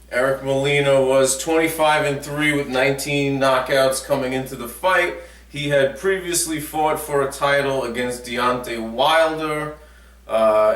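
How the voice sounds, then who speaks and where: A man's voice: medium pitch, fairly bright tone. A man giving a chatty, jokey recap of a boxing match as a vlogger. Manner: chatty and jokey, with many fillers. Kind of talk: casual sports recap. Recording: echoey room, mic at a distance.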